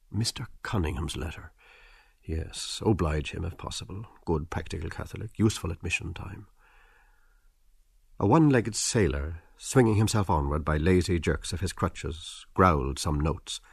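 Man reading a book aloud, very deep husky voice, dry close mic. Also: dry recording. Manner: measured, expressive literary reading. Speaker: audiobook narrator. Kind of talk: scripted narration.

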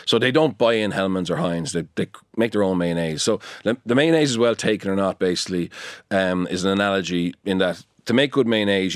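A middle-aged man, a guest in an interview, explaining his ideas in a lively way, full of restarts and fillers. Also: low-pitched, no room sound, studio quality. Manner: animated, many restarts and fillers. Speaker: guest, performance consultant. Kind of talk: conversational interview.

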